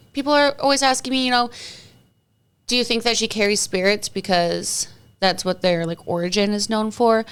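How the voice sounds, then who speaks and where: A woman in her thirties talks casually on her solo podcast, wandering from one topic to the next. Her voice is smooth and clear, pitched in a middle range, and she keeps undercutting herself with wry jokes. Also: a bit bright. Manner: chatty and rambling, jumps between topics with self-mocking jokes. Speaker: podcast host.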